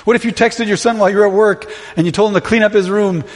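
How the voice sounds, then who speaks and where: Male pastor, high-pitched, impassioned sermon delivery, long hall reverb. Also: steady tone, fast. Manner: impassioned, full of rhetorical questions. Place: church sanctuary.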